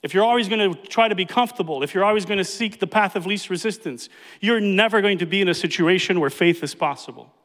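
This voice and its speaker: A man's voice: sits high, fast talker, fairly bright tone. A man pastor preaching a sermon, emphatic and repeating key phrases for effect. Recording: reverberant hall.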